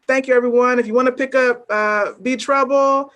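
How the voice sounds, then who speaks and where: A woman's voice: sits high, fairly even intonation, fairly bright tone. Woman reading spoken-word poetry. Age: adult working as a teacher. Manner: measured, weighty delivery with pointed repetition. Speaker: poet at an open mic.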